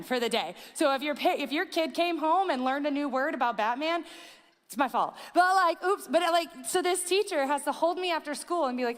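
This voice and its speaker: A young woman pastor preaching a conversational sermon, telling animated stories with casual fillers. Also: high-pitched, moderate pace. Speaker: student ministry and teaching pastor. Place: church auditorium. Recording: church hall with long reverb.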